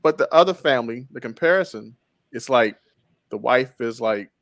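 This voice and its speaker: A man discussing a book chapter in a casual group talk, animated and laughing, repeating phrases. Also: mid-range voice, normal speed, no echo, studio quality. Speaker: book club member.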